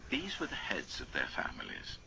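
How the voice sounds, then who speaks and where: Super deep gravelly guy reading scripture, solemn, half whispering, swoops up and down a lot. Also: huge pitch swings, pushed and bright, a little hiss or hum, low-quality recording. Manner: slow solemn reading, drops to near whisper. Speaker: father reading aloud.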